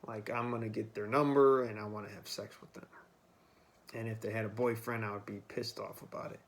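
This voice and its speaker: A man's voice: on the low side, flat delivery, brisk, a little hiss or hum. A man vlogging in a loose, rambling monologue, swearing freely as he talks. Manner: rambling, profane, freewheeling. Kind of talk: casual monologue to camera.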